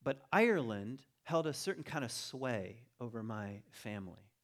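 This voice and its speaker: Middle-aged male speaker, mid-pitched, easygoing storyteller, loose conversational delivery, talk to a congregation. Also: expressive, normal speed. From Virginia. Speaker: teacher giving a talk.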